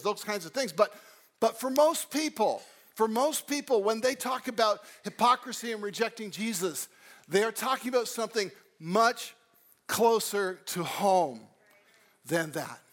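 Male pastor, sermon, high voice, animated delivery, loud peaks and hushed stretches. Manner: animated preaching, swings between loud emphasis and quiet storytelling.

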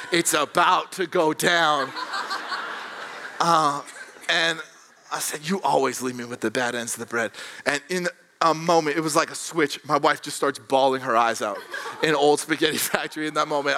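A young adult man, a pastor telling a funny personal story and preaching with animated, self-mocking energy. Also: a little high, moderate pace, a little hiss or hum.

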